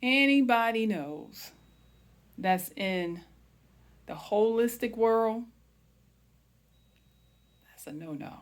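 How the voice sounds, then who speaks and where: A woman hosting a wellness channel, telling a personal story in a slow, reflective way, often calling her viewers family and trailing off into hushed pauses. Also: on the high side, expressive.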